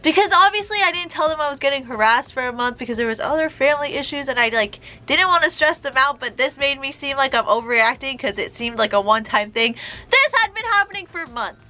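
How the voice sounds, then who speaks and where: A young woman telling a personal story in a vlog, animated and exasperated. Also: high-pitched, quick pace, faint music behind. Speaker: vlogger.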